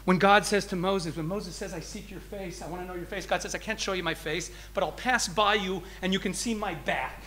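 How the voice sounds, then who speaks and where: A man speaking as a rabbi, giving an explanatory teaching talk to an audience, shifting between emphatic and soft delivery and slowing down over key phrases. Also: high voice, steady tone, a little hiss or hum.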